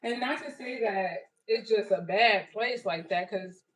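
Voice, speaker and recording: A woman from California co-hosting a casual livestream, lively and quick to chime in and laugh. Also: medium pitch, distant mic, rough recording. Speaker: livestream co-host.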